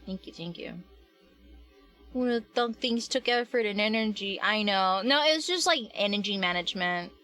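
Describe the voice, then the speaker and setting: A woman's voice: medium pitch, normal speed, sharp tone. Young woman, live-stream chat, rambling, filler-heavy, faint music behind. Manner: chatty and rambling, many fillers and restarts, reads and answers chat. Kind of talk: casual live-stream chat while working.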